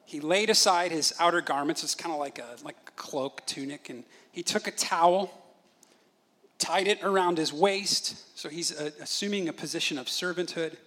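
A man in his thirties preaching a sermon as a pastor, telling stories with lively delivery and briefly acting out the voices of his children. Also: on the high side. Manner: animated storytelling, acts out voices of his children.

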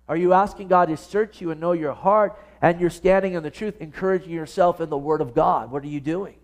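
A man with a fairly high voice preaches a sermon at a church service. He speaks earnestly and keeps putting direct questions to his congregation. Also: darkish tone. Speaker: pastor.

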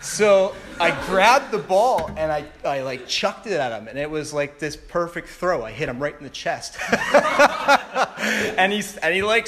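A man in his thirties tells a personal story from his past with a loose, rambling delivery, often pausing on fillers and restarting his sentences. His voice sits a little high for a man. A faint hum of ambience hangs behind him. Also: lively intonation, a bit bright. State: tearful. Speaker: speaker sharing a testimony. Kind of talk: personal testimony talk.

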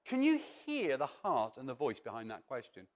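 A man preaching a sermon in a theatrical, animated way, acting out the lines he quotes. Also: mid-range voice, moderate pace. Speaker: pastor.

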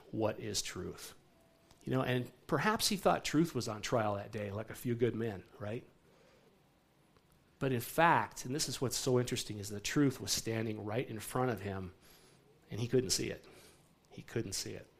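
A male pastor delivers a sermon in a church hall in a relaxed, conversational way. He speaks at an ordinary pitch. He often turns to his listeners with quick questions. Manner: conversational, asks the congregation "right?" often.

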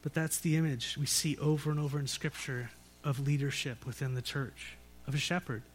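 A man's voice: a little high, fairly even intonation, a little fast, faint music behind. A man preaching a sermon as pastor, in a conversational way with rhetorical questions and light jokes. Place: church sanctuary.

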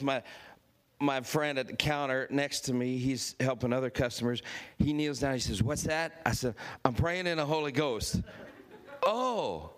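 A male preacher telling a story in a sermon, laughing as he acts out the voices of the people in it. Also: fairly high pitch. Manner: lively, laughing storyteller who acts out quotes.

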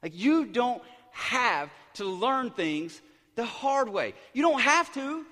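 Middle-aged man preaching, high bright voice, excited and fast-stumbling, long hall reverb. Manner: hyper, excited, stumbling restarts. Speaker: pastor. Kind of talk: sermon.

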